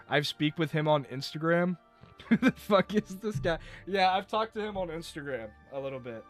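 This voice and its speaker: A man's voice: on the high side, animated, moderate pace, faint music behind. A young man from North Carolina chatting casually on a live stream, rambling, swearing and joking at his own expense. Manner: rambling, swearing, self-mocking.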